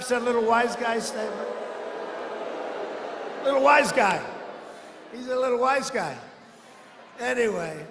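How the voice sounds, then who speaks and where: A man's voice: very high voice, a bit bright, slight background noise. A man giving a rambling campaign rally speech in a large arena, boastful and full of mocking asides. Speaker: politician at a rally. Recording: echoey arena with long reverb.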